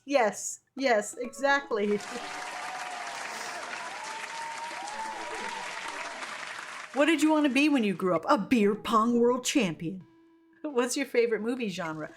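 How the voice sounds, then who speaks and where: A woman streamer chats through a game, laughing often and reading viewers' messages aloud. Her voice is fairly high, with faint game music underneath. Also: fairly bright tone. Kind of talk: casual gameplay commentary.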